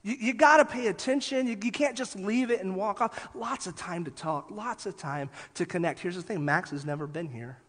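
A man preaching a sermon as pastor, telling lively stories and then dropping quiet for emphasis. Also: high voice, normal speed, hardly any pauses. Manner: animated storytelling, drops soft for emphasis. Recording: long hall reverb.

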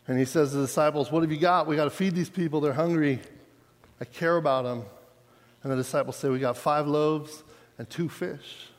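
A man's voice: fairly high pitch, a little fast. A man preaching a sermon, retelling a story in a casual, conversational way and building to fervor. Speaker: pastor. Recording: long hall reverb.

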